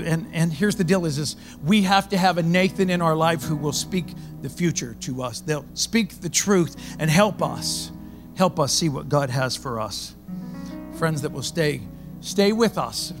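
A man who is a pastor, preaching a sermon in a loud, conversational storytelling way. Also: on the high side.

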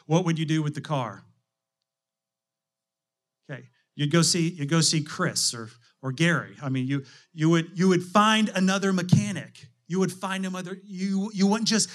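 A man's voice: fairly high pitch, normal speed, a bit bright. A middle-aged man, a pastor, delivering a conversational sermon full of restarts and rhetorical questions.

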